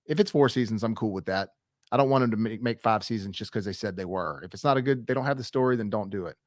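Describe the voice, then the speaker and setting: A man's voice: lowish voice, quick pace, no echo, studio quality. A young man hosting a movie news show, chatting casually and enthusiastically with fillers and asides to viewers.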